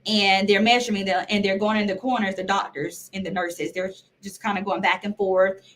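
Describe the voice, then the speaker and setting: A woman's voice: medium pitch, little pitch movement, brisk, a bit bright. Woman telling a story with acted-out quotes. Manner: earnest storytelling, acts out quoted voices. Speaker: podcast guest. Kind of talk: personal story in interview.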